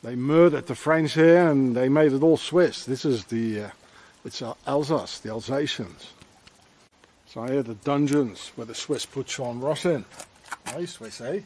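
An unhurried travel vlogger with a slightly mellow, mid-range male voice strolls through castle ruins in a forest. He rambles along, muttering slang and asides, recorded outdoors on his handheld camera's mic.

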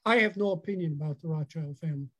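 A man answering as an expert guest in an interview, halting with many fillers but emphatic. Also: fairly high pitch, low-quality recording. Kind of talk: interview answers over a call.

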